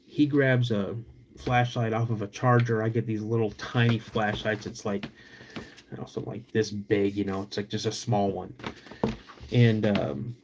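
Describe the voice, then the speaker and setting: A young man, hosting a podcast and telling a story in an animated, drawn-out way with sudden loud bursts. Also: fairly low pitch, background noise. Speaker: podcast host.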